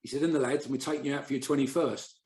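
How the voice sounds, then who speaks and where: A man's voice: medium pitch, fairly even intonation, racing, darkish tone. A man, a former footballer, telling anecdotes in casual podcast chat and acting out the people he quotes. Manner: chatty anecdotal storyteller, acts out quoted voices. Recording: roomy echo.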